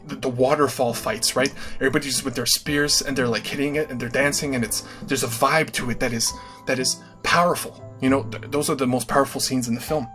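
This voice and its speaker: A man's voice: mid-range voice, fairly bright tone. A man hosting a livestream in a casual, earnest monologue, often checking in with his listeners with "right?" and "okay?". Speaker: livestream host.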